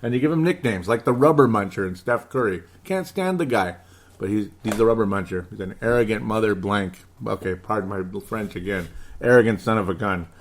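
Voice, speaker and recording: A man's voice: lowish voice, fairly quick. Hyper, rambling man in his thirties. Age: 30s. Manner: hyper, excitable, rambling with laughs. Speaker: podcast host. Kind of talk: casual sports podcast chat reading comments.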